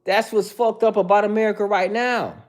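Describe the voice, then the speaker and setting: A man's voice: sits high, fairly even intonation, moderate pace. A man hosting a casual livestream, answering viewer chat in a mocking, profane, confrontational way.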